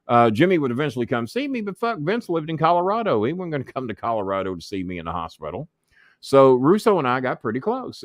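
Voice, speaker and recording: Profane, animated male storyteller. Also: medium pitch, no room sound, studio quality. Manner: animated, swearing, mimics others in quotes. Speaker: interview guest.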